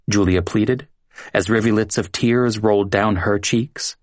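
Man narrator for a dramatic story, measured, dry close sound. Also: fairly low pitch, no echo.

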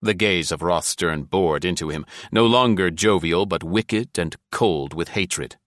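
The recording is dry and clean, studio-made, with a male narrator whose voice sits low. He delivers a scripted adventure audiobook evenly and with measure.

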